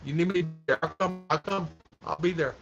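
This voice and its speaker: Male vlog host chatting to a live chat, bright tense tone, rambles and repeats, muffled stream sound. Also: on the high side, fairly quick, faint music behind. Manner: rambling, repeats himself, laughs a lot. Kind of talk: casual livestream chat. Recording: dull lo-fi stream audio.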